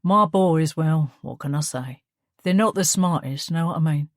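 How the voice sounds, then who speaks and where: A man's voice: fairly high pitch, moderate pace, no echo, studio quality, close to an everyday voice. Woman putting on a Cockney crime boss. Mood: falsely friendly. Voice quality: breezy, matey. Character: young charming London crime boss, falsely friendly.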